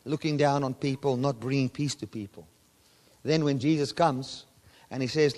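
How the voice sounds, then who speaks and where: A man preaching a sermon, often swinging his voice from loud, high emphasis to low, quiet asides. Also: moderate pace. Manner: animated preaching, voice rising and dropping sharply for emphasis. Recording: long hall reverb.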